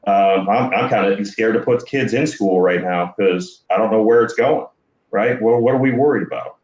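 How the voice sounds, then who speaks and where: A man's voice: on the low side, moderate pace, darkish tone, dull audio. A man on a debate panel, talking casually, hesitant and rambling with many restarts. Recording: roomy echo.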